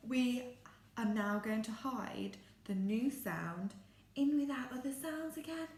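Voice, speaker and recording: A woman with an English accent teaching a phonics lesson to young children, with big gasps and drawn-out sounds. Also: a little high, a little mellow, echoey room. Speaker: primary school phonics teacher.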